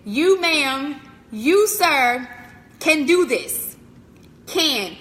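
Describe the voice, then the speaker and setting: A motivational speaker with a high, somewhat bright voice delivers a live-streamed inspirational message in a large hall. She speaks very slowly with frequent pauses, preaching emphatically, repeating herself, and addressing the listener directly.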